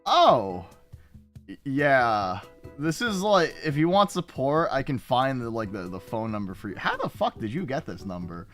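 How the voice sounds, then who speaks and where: A man's voice: medium pitch, very animated, normal speed, fairly bright tone, soft background music. A man streaming and chatting casually with viewers, rambling with frequent restarts and plenty of swearing. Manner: rambling, profane, self-interrupting.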